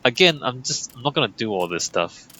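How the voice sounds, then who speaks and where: A man's voice: mid-range voice, very animated, a little fast, bright, forceful tone, a little hiss or hum, low-quality recording. A young man giving casual, joking commentary over a game he is playing and reading in-game text aloud. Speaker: gaming channel host. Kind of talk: let's play commentary.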